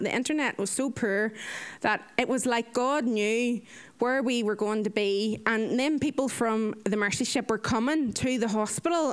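A young woman giving an earnest personal faith testimony as a mission volunteer, telling her story with animation. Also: clean tone. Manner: earnest, animated storytelling, acts out quotes in a higher voice.

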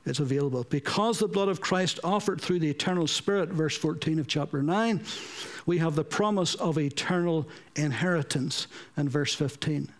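A man's voice: on the high side, moderate pace. A man preaching a sermon, earnest and pleading, repeating points for emphasis and telling anecdotes.

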